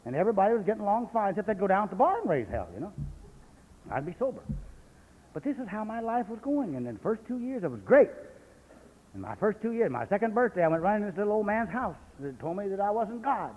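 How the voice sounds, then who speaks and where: In an echoey convention hall, captured on lo-fi 1980s cassette, an AA speaker from San Jose, California gives a blunt, folksy recovery talk packed with profanity and stories. His voice is high, very animated, and quick.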